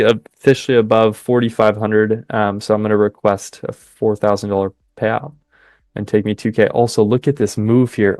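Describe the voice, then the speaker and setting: A young man hosting a live trading stream, chatting with viewers and cheering the market on in excited bursts. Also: on the low side, dry recording, studio quality. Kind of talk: live trading commentary with chat.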